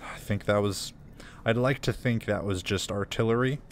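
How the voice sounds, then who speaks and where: A man's voice: on the low side, normal speed, a little hiss or hum. A man playing a survival horror game and commenting casually, chatty and jumpy, laughing nervously at the scares. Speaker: gaming YouTuber. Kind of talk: let's play commentary.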